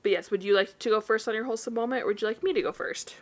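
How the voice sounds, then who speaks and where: A woman's voice: a little high, racing. A woman co-hosting a podcast, chatting casually and encouraging her partner. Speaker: podcast co-host. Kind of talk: casual chat.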